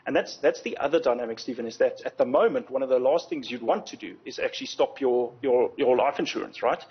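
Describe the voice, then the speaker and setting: A man, an insurance executive explaining things in a TV news interview, measured and often repeating words as he thinks. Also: medium pitch, breathy edge, dull audio. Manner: measured, explanatory, frequent word repetitions. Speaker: insurance company executive, guest.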